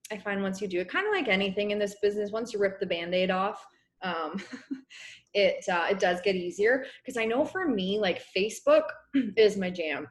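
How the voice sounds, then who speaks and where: A young woman coaching her business team on a casual video call, chatty and encouraging, clearing her throat as her voice wears out. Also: mid-range voice. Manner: chatty, encouraging, many fillers. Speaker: network marketing coach.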